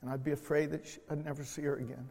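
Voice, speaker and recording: A middle-aged man preaching a sermon in a church, slow and emotional, swelling loud then dropping to quiet tones. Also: fairly high pitch, level tone, in a large hall. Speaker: pastor. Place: church sanctuary.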